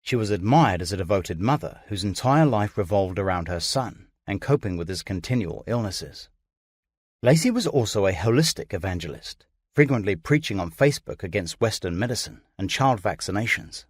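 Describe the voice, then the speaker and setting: Low-voiced man narrating true crime. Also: animated, normal speed, slightly rough, no echo, studio quality. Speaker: audiobook narrator.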